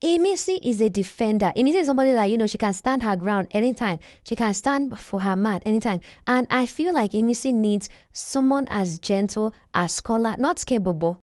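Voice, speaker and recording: A woman's voice: on the high side, lively intonation, a little fast, few pauses, darkish tone, dry recording, clean studio sound. A Nigerian woman with a stuffy nose from a cold, chatting emphatically and gossiping as she comments on a reality show. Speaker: reaction vlogger.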